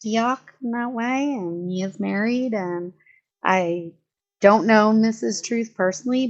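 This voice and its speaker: Sarcastic lower-voiced woman streaming. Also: a bit bright, muffled recording. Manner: chatty and sarcastic, frequent laughs and self-interruptions. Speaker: commentary streamer. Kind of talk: casual livestream commentary.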